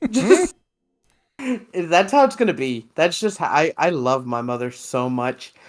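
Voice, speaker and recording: A man's voice: fairly high pitch, animated, a little slow. A young man co-hosting a podcast in casual chat, rambling, laughing often and swearing. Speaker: podcast co-host.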